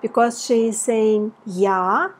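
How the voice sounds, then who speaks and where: A woman teaching a language lesson in English, explaining grammar and repeating example phrases slowly. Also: on the high side, slightly rough. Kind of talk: slow language lesson with read-aloud examples.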